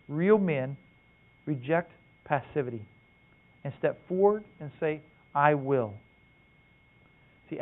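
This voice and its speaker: A middle-aged man preaching a sermon to men, telling family stories, quoting his father and asking rhetorical questions. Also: a little high. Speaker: preacher at a men's gathering. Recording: tinny phone-like sound.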